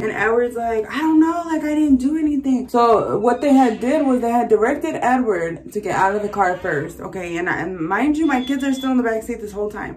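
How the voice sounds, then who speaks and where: Chatty young woman telling a story. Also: medium pitch. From Midwest of the United States. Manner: animated storytelling, fillers like "like" and "okay?", acts out quoted voices. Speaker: vlogger. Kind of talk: casual storytime while getting ready.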